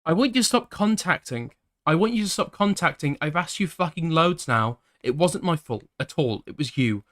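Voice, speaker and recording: A man's voice: on the high side, expressive, normal speed, fairly bright tone, pitched above the performer's own voice. A man reading out messages as a bitter, accusing young ex-girlfriend, in a raised voice with a cutting manner.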